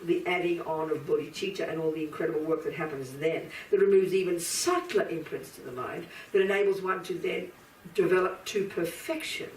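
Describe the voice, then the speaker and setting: Woman teacher addressing a room, direct and forceful; roomy, distant mic. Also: deep voice, a little hiss or hum. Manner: blunt, emphatic, talks straight to listeners. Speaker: Buddhist teacher. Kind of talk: live dharma lecture to an audience. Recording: roomy hall from a distance, faint ambience.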